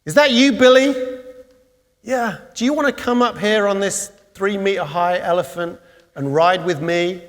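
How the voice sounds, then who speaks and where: Cheerful male parade hero, put on by a male preacher, high-pitched and grand, in a reverberant hall. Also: moderate pace, natural voice. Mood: grand, friendly. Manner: calling out grandly, then friendly.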